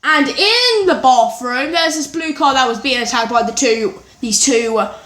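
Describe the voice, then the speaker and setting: High bright rambling young speaker from England. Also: female voice, normal speed. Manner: rambling, scatterbrained, lots of "anyways" and restarts. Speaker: vlogger. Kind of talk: casual movie ranking chat. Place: home kitchen. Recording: echoey kitchen with faint birds.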